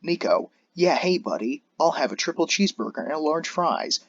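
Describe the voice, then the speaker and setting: A man's voice: on the high side, big pitch swings, normal speed, dry recording, lo-fi sound, pitched above the performer's own voice. A man voicing a drunk, rowdy young biker who slurs and picks fights, read from a fan story. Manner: slurred, belligerent.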